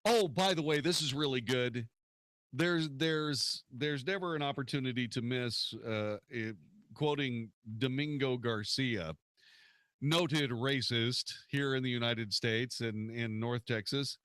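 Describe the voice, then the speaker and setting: Combative talk radio host, dry sound. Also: male voice, medium pitch, measured pace, fairly bright tone, no echo. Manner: combative, rhetorical questions.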